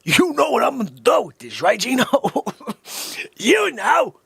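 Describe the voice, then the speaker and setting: An excitable man hosts a comedy vlog and swings between shouting and near-whispered asides. His voice sits high and leaps all over the place, bright with some husky grit. The sound is dry and close, with faint music behind him. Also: a little slow, no echo. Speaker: host.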